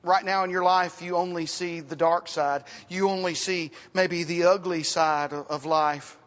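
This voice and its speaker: A man preaching a sermon as pastor, in a conversational style, repeating words and dropping to quiet asides. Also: a little high, steady tone, measured pace. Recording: reverberant hall, sometimes off mic.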